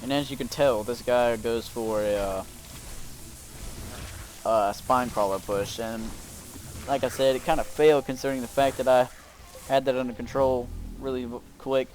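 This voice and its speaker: Over faint background music, a man casually comments on a replay of his own strategy game, narrating himself and rambling with lots of fillers and restarts. His mid-range voice has a darkish tone and fairly even intonation at a normal speed, with slight background noise.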